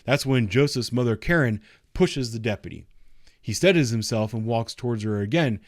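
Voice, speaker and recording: A man's voice: medium pitch, lively intonation, normal speed, no room sound, clean studio sound. A man in his thirties, a patrol officer, giving blunt, sarcastic and profane casual commentary. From United States.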